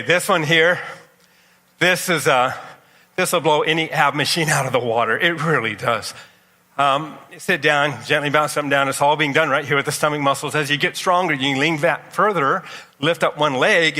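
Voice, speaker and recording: At a large expo hall, a male presenter gives a live demonstration, energetically coaching volunteers through exercises. His voice is fairly high, bright and pushed. The recording is echoey and captured from a distance.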